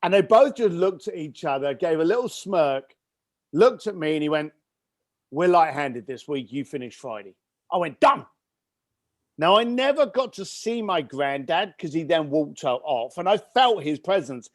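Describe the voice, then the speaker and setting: A man with a high, light speaking voice tells a story with real energy, acting out his family's lines as he goes. The sound is close and dry, with no room in it. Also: moderate pace, no echo. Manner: animated storyteller who acts out family dialogue. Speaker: podcast guest. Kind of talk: storytelling interview.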